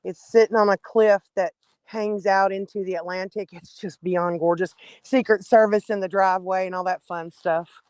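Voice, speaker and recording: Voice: mid-range voice, steady tone, moderate pace, clean tone, no echo, rough recording. A speaker, chatting bluntly and telling stories on a live online call. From Nashville, USA. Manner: blunt, outspoken, storytelling. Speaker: guest in a live audio chat. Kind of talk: casual chat.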